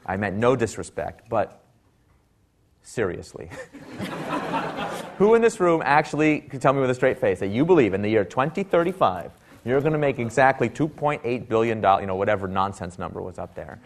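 A man's voice: mid-range voice, animated, quick pace, a little hiss or hum. A man speaking at a talk, telling a wry story and acting out the people he quotes. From Silicon Valley, US.

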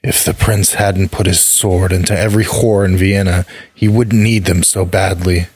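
A man's voice: low-pitched, fairly even intonation, moderate pace, a little mellow, breathy edge, no room sound. A man reading a story aloud, voicing a stubborn alchemist in a protesting, bitter way. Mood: defensive. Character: stubborn, weary male alchemist, defensive. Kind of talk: audiobook reading.

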